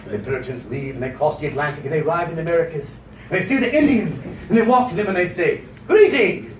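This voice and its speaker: A man performing a stand-up comedy routine on stage, animated and slipping into exaggerated character voices. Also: a little high, fast talker, slight background noise. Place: comedy stage before a live audience. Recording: roomy venue sound from a distance.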